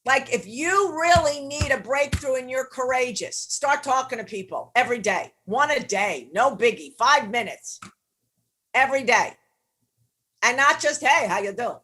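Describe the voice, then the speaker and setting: A woman's voice: sits high, expressive, a little slow, bright, forceful tone. A middle-aged woman coaching on leadership, teaching in a blunt, emphatic way with casual swearing. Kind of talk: motivational teaching session.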